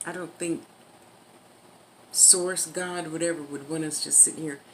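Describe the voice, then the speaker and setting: A woman talking casually to camera with life advice, rambling and chatty, now and then slowing down for emphasis. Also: low voice, a little hiss or hum, poor audio. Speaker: vlogger giving life advice.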